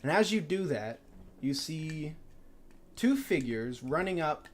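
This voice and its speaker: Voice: mid-range voice, animated, takes it slowly. A game master casually narrating a tabletop game, full of fillers.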